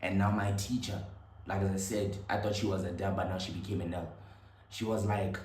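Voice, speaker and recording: A young man, telling a personal story in an animated, slangy way that swings between loud and hushed. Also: sits low, normal speed, slight background noise. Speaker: vlogger. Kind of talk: storytelling monologue. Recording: echoey room with faint ambience.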